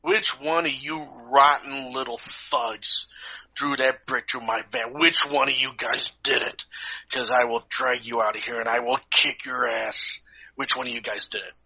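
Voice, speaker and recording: A man's voice: medium pitch, fairly even intonation, measured pace, bright, forceful tone, husky, exaggerated voice. A man voicing an angry male teacher who menaces a room of kids, in a dull lo-fi recording. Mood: angry, threatening. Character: angry middle-aged male teacher, threatening.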